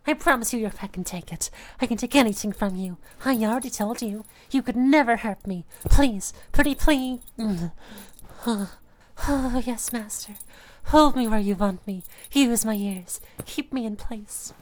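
Breathy catgirl pet, super devoted, begging slow and soft, young woman voicing her. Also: on the high side, close to an everyday voice. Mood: pleading. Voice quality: breathy, sighing. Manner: pleading, devoted. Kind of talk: intimate audio role-play.

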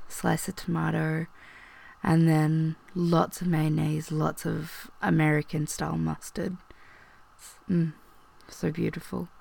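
A young woman who is sick and hoarse. She answers questions in a soft-spoken, rambling chat, drops into whispers at times, and hesitates often with ums. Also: low voice. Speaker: video host.

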